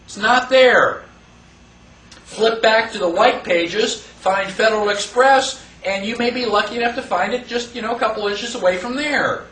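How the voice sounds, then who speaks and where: Animated high-voiced man lecturing a class. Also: normal speed, a little hiss or hum. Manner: animated, rhetorical questions, acts out quoted voices. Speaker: teacher. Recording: echoey room, voice from far off.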